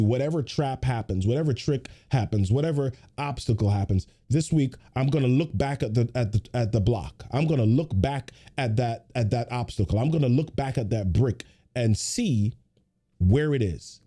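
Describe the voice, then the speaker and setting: A man's voice: mid-range voice, expressive, moderate pace, dark tone. A man hosting a weekly motivational livestream, giving a pep talk full of repeated rhetorical questions and chatty greetings to viewers.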